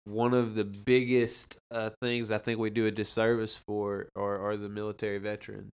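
A man's voice: fairly low pitch, level tone, normal speed, clean tone. A man in casual conversation, speaking earnestly and thinking aloud with frequent restarts. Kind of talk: casual podcast chat.

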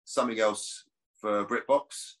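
A man's voice: lowish voice, fairly even intonation, a little slow. A man, an actor chatting as a podcast guest, rambling with restarts. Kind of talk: casual podcast chat.

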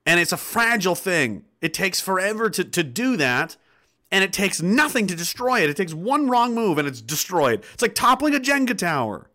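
A high-pitched man from Nova Scotia, Canada, hosts a livestream at normal speed, ranting sarcastically and reading viewer comments aloud. He's animated, swears, and laughs often.

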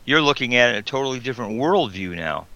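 A man's voice: mid-range voice, sing-song, fast talker, sharp tone, dry recording. A man co-hosting a live video call show, chatting and teasing the host with jokes. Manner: joking, teasing. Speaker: guest co-host. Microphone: video call mic. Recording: dry, dull lo-fi call audio.

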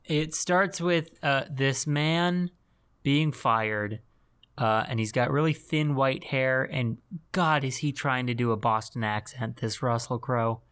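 A man co-hosting a casual podcast about movies, talking haltingly and often stopping to search for words. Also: mid-range voice, a bit bright, clear, resonant tone. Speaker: podcast co-host. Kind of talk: casual movie-talk chat.

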